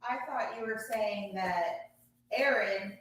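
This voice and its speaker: A woman's voice: mid-range voice, takes it slowly, a bit bright. A woman co-hosting a live stream, chiming in with puzzled, apologetic interjections. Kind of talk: casual chat. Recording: echoey, distant, faint noise.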